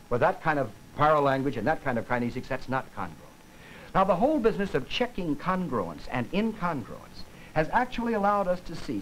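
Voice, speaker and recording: A man lecturing in an old educational film, his voice fairly high for a man and rising and falling with animated emphasis. He acts out his examples as he goes, pushing some words loud and dropping others soft. A faint hiss sits under the voice. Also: low-quality recording. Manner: demonstrative, acts out examples with voice and gestures.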